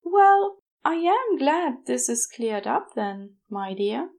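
A woman voicing a gentle, fond male angel in a podfic reading. He speaks in a soft, earnest, tender way. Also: sits high, sing-song, slow pace, full character voice.

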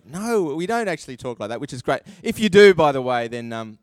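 Male pastor, high and lively delivery, dry close sound, sermon. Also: brisk, smooth, no room sound. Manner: animated, acts out quoted voices, self-deprecating asides.

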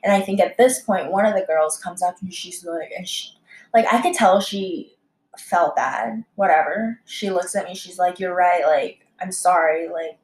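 A young woman, a restaurant server, telling a story in a casual, heated, profane way, full of fillers and sudden jumps in pitch. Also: moderate pace, darkish tone. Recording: echoey room.

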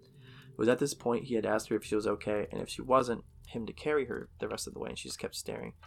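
A man's voice: mid-range voice, steady tone, fast talker, creaky, a little hiss or hum. A man casually narrating a horror story in a profane, conversational way.

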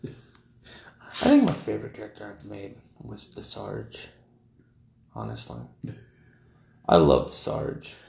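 Blunt, enthusiastic man, gravelly mid-pitched voice, casual gaming talk in a roomy space. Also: huge pitch swings, slow, pauses often, darkish tone. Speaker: tabletop gaming podcast co-host. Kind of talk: casual banter about tabletop games. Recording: echoey room.

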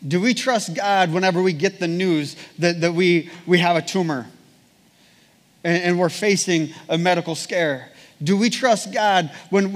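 A man preaching a sermon and reading scripture aloud, in an earnest, measured way with repeated phrases. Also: high voice. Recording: long hall reverb.

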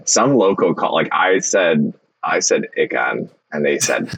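A man's voice: low-pitched, measured pace, a bit bright, rough recording. A man co-hosting a podcast, chatting casually and joking, with a laid-back, profane manner. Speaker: podcast co-host. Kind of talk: casual chat.

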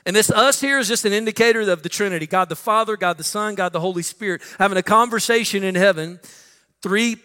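A male pastor preaching a sermon, swinging between loud emphatic lines and hushed ones. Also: high-pitched, fast. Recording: long reverb with faint music.

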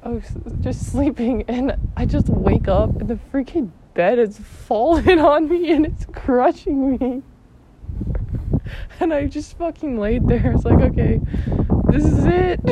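A young woman from Alberta, Canada, casually telling childhood stories, giggling often and swearing freely. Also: high voice. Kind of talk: casual storytelling vlog. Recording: dull lo-fi with loud noise.

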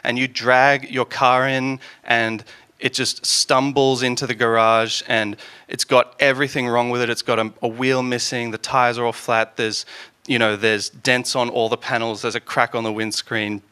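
A man delivers a casual sermon in a bright, forceful voice. He talks in a chatty, joking way, full of ums and restarts. His pitch sits in an ordinary middle range. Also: flat delivery, moderate pace, clean tone. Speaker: preacher.

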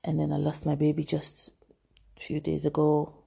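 A young woman, telling a personal story in a halting, emotional way with many restarts. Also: low voice, monotone, creaky, warm tone, husky. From Nigeria. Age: young adult.

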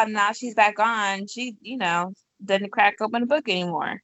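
A woman's voice: mid-range voice, steady tone, moderate pace, few pauses, a bit bright, poor audio. A woman co-hosting a casual podcast, chatty and teasing. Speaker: podcast co-host.

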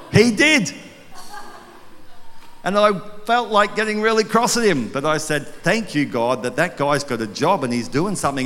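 A middle-aged pastor preaching with a slightly high voice, telling a story and bursting into acted voices. His voice rings out with a long reverb from a large hall. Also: slight background noise. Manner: storytelling, animated, acts out quoted voices. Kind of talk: sermon.

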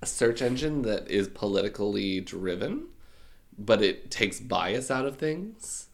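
A man's voice: fairly low pitch, sing-song, slow, creaky. A man co-hosting a podcast in casual chat, feeling unwell, with dry, offhand jokes. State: unwell, on antibiotics. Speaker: podcast co-host.

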